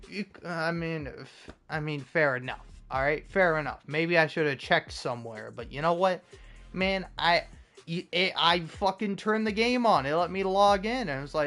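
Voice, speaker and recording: A man's voice: a little high, measured pace, a bit bright, faint music behind. A young man rambling sarcastically over a game, swearing often and stumbling over restarts. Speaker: gaming streamer. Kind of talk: sarcastic rambling commentary while gaming.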